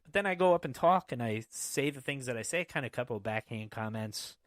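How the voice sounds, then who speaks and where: A man's voice: mid-range voice, lively intonation, brisk, no echo. Man, podcast host, casual chat, profane, rambling, dry sound.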